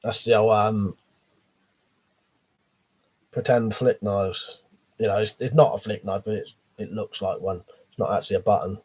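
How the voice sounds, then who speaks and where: A man's voice: lowish voice, fairly even intonation, normal speed, long pauses, darkish tone, slightly rough. A man with a cold, coughing as he hosts a live stream, reading viewer chat in a rambling, sweary, hesitant way. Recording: dull lo-fi stream audio.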